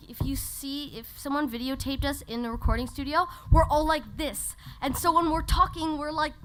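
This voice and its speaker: A woman's voice: high-pitched, fairly bright tone, slight background noise. A woman voice actor on a convention panel, hesitant and searching for words.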